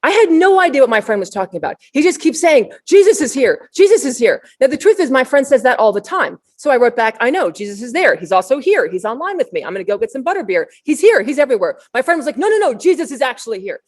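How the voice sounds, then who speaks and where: A woman preacher giving a storytelling sermon at an online service, building to excited, near-shouted peaks. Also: a little high, fast, hardly any pauses. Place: online service, shared screen.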